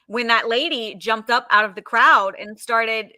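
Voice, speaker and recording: A woman co-hosting a podcast, with a high, bright voice recorded in dry, close sound. She chats casually, reacting with frequent exclamations. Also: a little slow, no room sound. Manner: reactive, exclaims often, laughs while telling. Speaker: podcast co-host. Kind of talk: casual chat.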